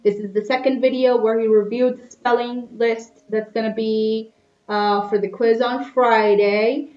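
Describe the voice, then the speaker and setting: A woman's voice: on the high side, flat delivery, unhurried, darkish tone. A woman teacher giving recorded class instructions to children, patiently explaining and checking in with "okay?". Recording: echoey room, slightly dull lo-fi sound.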